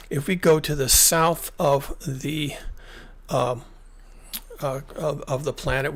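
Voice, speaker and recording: A middle-aged American man hosts his own screen-share commentary, pressing his points through repetition and restarts. His voice sits a bit high for a man, with a gravelly fry and a husky, rough edge. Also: a bit bright. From United States. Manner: emphatic, repetitive, with frequent restarts. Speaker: climate commentary channel host.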